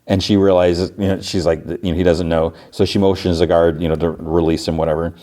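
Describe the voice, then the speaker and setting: A man's voice: deep voice, flat delivery, brisk, warm tone. A man hosting a podcast, casually retelling a TV episode in a rambling way, full of fillers like "like" and "you know.". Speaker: podcast host. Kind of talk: casual show recap.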